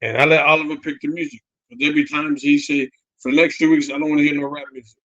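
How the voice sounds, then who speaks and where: Fast and steady, his fairly high, fairly bright voice carries a middle-aged boxing trainer's casual storytelling as an interview guest, with acted-out quotes and tags like "man" and "you know what I mean." The highs in the audio are cut off.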